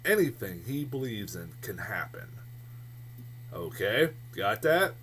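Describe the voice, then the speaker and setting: A man giving a casual, rambling movie review vlog, swearing freely, laughing often and getting loud and worked up. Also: lowish voice, very animated, slow pace, husky.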